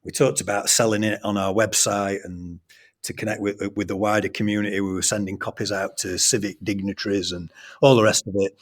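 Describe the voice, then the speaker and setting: A middle-aged man telling a personal story as a podcast guest, earnest and animated. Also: lowish voice. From England. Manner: earnest, animated anecdote telling with quoted dialogue. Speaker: guest, school trust academic leader.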